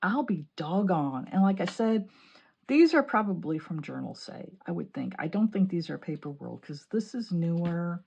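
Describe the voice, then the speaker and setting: A woman from Illinois chatting excitedly while decorating her planner, laughing often. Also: lowish voice, normal speed, vocal fry, slightly rough. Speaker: planning vlogger. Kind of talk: chatty crafting vlog.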